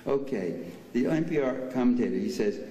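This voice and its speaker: Brisk and lively in intonation, an older man with a mid-range, dark-toned voice speaks at a banquet, giving a political speech full of sarcasm and mocking asides. The echoey banquet hall recording is captured from far off.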